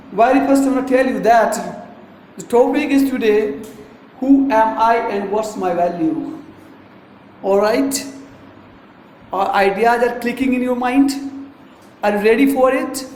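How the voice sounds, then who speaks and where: A man's voice: very high voice, a little mellow. A man teaching a classroom, giving commanding instructions and repeating himself. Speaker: English teacher. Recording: echoey room, faint background noise.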